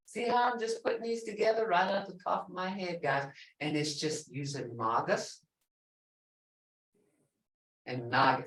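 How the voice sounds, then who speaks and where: A woman teaching a language class, repeating words slowly and prompting her students to say them back. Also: on the low side. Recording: echoey room, mic at a distance.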